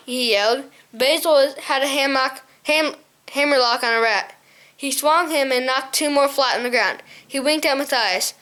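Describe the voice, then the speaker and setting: A woman's voice: high-pitched, moderate pace, sharp tone. A woman reading a novel chapter aloud as a storybook narrator, often stumbling and correcting herself. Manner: reads with frequent stumbles and self-corrections. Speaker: audiobook reader.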